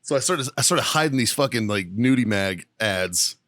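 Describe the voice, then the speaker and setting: A man's voice: mid-range voice, normal speed, dry recording. A man hosting a podcast, telling a story in casual chat, swearing constantly and laughing often. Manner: lively anecdote teller, often breaking into laughter. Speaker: podcast host.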